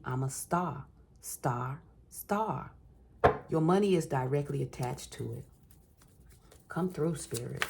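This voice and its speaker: A woman's voice: extremely low pitch, background noise. A woman giving an encouraging collective tarot reading, repeating phrases for emphasis and calling the listener baby and honey. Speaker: tarot reader.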